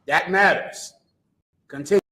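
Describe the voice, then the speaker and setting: A man's voice: sits high, a little slow, pushed and bright, echoey room, poor audio. A man preaching a street sermon who talks emphatically and sarcastically, firing rhetorical questions at his listeners.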